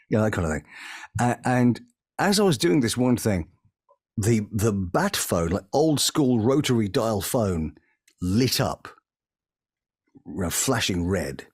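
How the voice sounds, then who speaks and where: A man, a voice actor, telling lively anecdotes in an interview and slipping into impressions as he talks. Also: mid-range voice, a little slow, pauses often, husky, no room sound, clean studio sound. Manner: animated, breaks into impressions mid-story. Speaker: voice actor guest. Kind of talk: anecdotal storytelling.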